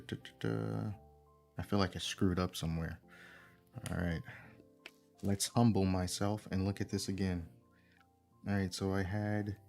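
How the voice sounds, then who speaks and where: A man with a fairly low voice talks in a slow, unhurried way, thinking aloud and humming little tunes as he works through a build at home. Faint music plays behind him. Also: mellow. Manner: unhurried, thinks aloud, hums to himself while working. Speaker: livestream host building a model kit. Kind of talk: casual livestream chat. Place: indoor home room.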